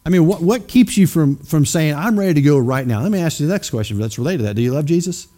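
Emphatic preacher man, somewhat high voice. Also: lively intonation, quick pace, warm tone. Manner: emphatic, with many direct questions to the congregation; acts out skeptics in mocking voices. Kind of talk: sermon.

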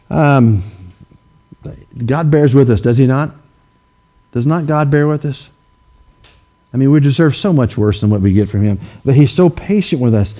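A man preaching a sermon to his congregation in a conversational way, often checking in with the room with a quick "okay?". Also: mid-range voice, mellow. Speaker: pastor. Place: church sanctuary.

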